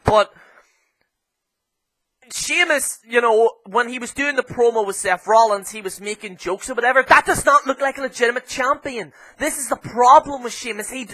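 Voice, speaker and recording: Irish guy cursing and going off about wrestling, bright edgy voice, yells sometimes. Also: very high voice, normal speed, low-quality recording. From Ireland. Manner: heavy swearing, heated ranting; flares into shouting. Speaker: wrestling show reviewer. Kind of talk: ranting show review.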